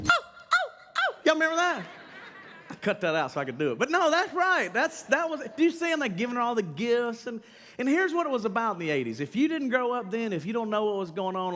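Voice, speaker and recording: High-voiced, animated male pastor in a hall. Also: fast. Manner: animated, slangy, addresses the crowd, bursts into shouts. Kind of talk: casual, humorous sermon. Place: church sanctuary during a live service. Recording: long church-hall reverb with faint music behind.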